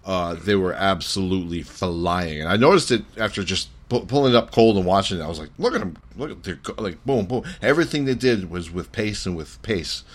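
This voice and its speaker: A man co-hosting a casual wrestling podcast, laid-back but animated, with some swearing. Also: low voice, fairly quick, hardly any pauses. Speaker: podcast co-host.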